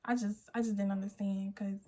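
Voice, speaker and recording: A woman's voice: mid-range voice, flat delivery, fairly quick, dark tone. An eighteen-year-old woman telling a storytime vlog, acting out the quotes as she goes. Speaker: vlogger. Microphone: phone camera.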